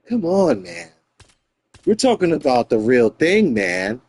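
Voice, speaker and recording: A man tells a comic story on his live stream, swinging from loud bursts to mumbled asides. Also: fairly high pitch, big pitch swings, slow, no room sound. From New York.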